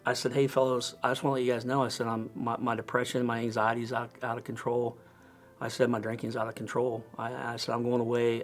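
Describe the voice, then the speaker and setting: A middle-aged man speaks in a plain mid-pitched voice, giving an earnest personal testimony. He talks haltingly, with fillers and restarts. Soft music plays faintly behind him. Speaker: firefighter lieutenant.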